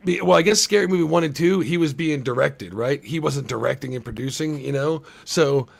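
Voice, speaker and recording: A man's voice: fairly high pitch, brisk, gravelly. A man hosting a livestream discussion show, talking in a rambling, profane way and acting out movie lines. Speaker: podcast host. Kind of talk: casual livestream chat.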